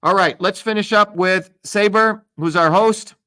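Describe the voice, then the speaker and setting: A man delivers a heated, profane livestream speech. His voice sits high and cuts with a forceful edge. He hammers his points through repetition. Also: measured pace. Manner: emphatic, repetitive, crude and profane. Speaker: political candidate speaking on a livestream.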